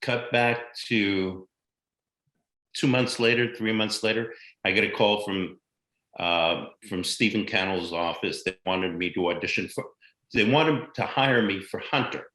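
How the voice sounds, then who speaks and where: A man's voice: fairly low pitch, a little slow. Older man spinning anecdotes, echoey room. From United States. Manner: animated anecdotal storyteller, blunt and profane. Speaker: guest actor. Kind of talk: casual storytelling interview.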